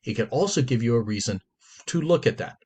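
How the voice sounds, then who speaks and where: A male teacher explains a writing rule to his class in an easy, conversational lecture. He leans hard on the points he cares about and comes back to them more than once. His voice sits at an ordinary pitch for a man. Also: lively intonation, fairly quick, a little mellow, breathy edge. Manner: emphatic, conversational, stresses key points and repeats them.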